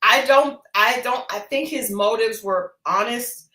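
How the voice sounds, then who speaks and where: A woman co-hosting a podcast, chatting casually and telling stories with lively quoted voices. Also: on the high side, measured pace. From Oklahoma. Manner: animated storytelling with quoted voices. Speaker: podcast co-host. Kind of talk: casual chat. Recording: echoey room.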